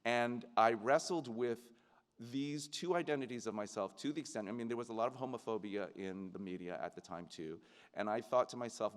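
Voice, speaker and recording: A man's voice: medium pitch, a little fast. Earnest man speaking in a reverberant hall. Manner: earnest, reflective, with many restarts and fillers. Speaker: commencement keynote speaker. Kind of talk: speech to graduates. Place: large ceremony venue.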